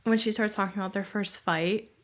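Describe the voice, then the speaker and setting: A woman's voice: mid-range voice, steady tone, a little fast. A young woman who is a returning guest on a casual book club podcast, easygoing and giggly. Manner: easygoing, giggly, laid-back.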